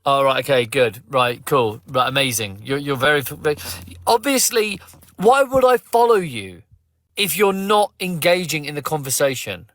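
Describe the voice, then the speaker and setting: A man's voice: on the high side, animated, normal speed, fairly bright tone, dry recording. An English man hosting a live phone-in stream in a casual, blunt and confrontational way. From England. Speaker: live stream host taking callers.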